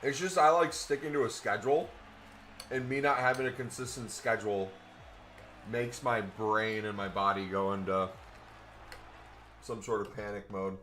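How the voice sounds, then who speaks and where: Bright-voiced man chatting casually on stream. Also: fairly low pitch, fairly even intonation, normal speed, long pauses, a little hiss or hum. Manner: rambling, filler-heavy, eats while talking. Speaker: gaming streamer.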